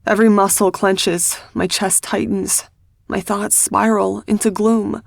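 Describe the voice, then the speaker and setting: A woman reading a first-person audiobook in a measured, intimate storytelling manner on a close studio mic. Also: medium pitch, little pitch movement, gravelly, no echo. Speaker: audiobook narrator.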